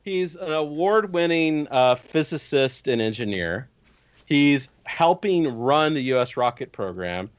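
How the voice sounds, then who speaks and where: Guy on a podcast, super animated pitch swinging all over, muffled lo-fi audio, swears a lot. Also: a little slow. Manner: animated, incredulous, swears casually. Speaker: podcast guest discussing tabletop game lore. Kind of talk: casual storytelling chat.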